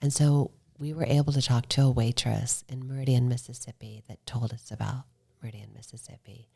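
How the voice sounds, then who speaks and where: A woman filmmaker chatting as a podcast guest, telling lively stories and quoting herself. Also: very deep voice, a little fast, vocal fry, breathy edge. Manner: animated storytelling, quotes herself. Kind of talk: casual interview chat.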